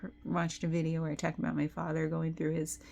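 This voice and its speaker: A middle-aged woman giving an intuitive tarot reading to camera. She is tearful and tender, and drifts into soft whispers when she is moved. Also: low-pitched, completely flat delivery, fast, gravelly. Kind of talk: emotional spiritual talk to camera.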